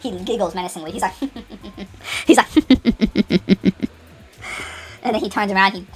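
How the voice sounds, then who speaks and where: A woman's voice: medium pitch, rapid-fire, breathy edge. A woman telling an unscripted comedic story, rambling with many restarts and laughs.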